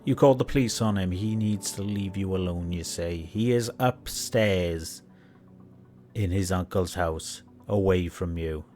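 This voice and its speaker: A man's voice: deep voice, a little slow, a little mellow, soft background music. A man commentating on online drama, mocking and lecturing the person in the clips. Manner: mocking, lecturing, talks straight to the subject. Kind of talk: sarcastic commentary on a livestream.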